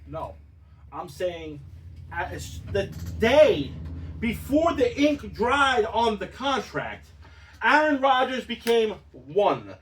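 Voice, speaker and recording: A man with a very high, animated voice argues football bluntly and with sarcasm. He sits a little away from the microphone, which gives the sound some distance. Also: slow, slight background noise. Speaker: sports talk co-host. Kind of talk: heated sports debate.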